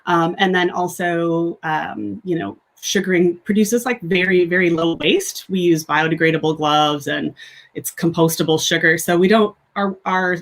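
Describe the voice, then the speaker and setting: A woman's voice: fairly low pitch, moderate pace. A woman in her thirties with a Midwestern American accent, chatting as an interview guest, laughing often and talking with many fillers. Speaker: guest, sugaring instructor. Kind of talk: casual interview chat.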